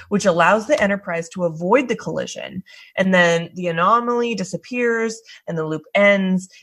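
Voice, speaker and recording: A woman co-hosts a casual podcast, walking through a TV episode's plot with quick asides and a bit of swearing. Her voice sits a little low. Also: low-quality recording. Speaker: podcast co-host.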